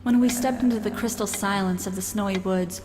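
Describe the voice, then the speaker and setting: A woman voicing a young wife who reads her love letter in a soft, dreamy way, from a game. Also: mid-range voice, fairly even intonation, brisk, long reverb tail, a little hiss or hum, lightly acted. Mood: tender.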